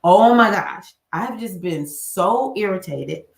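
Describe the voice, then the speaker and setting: A woman spiritual coach chatting casually on a livestream, jumping into a high squeal when she acts out her own quotes. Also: lively intonation, unhurried, vocal fry. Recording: echoey room.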